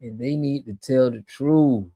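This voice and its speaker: A man's voice: mid-range voice, unhurried, breathy edge, dull audio. An American man hosting a casual livestream, answering chat in an emphatic, slangy way and repeating himself when he gets fired up. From United States. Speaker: show host.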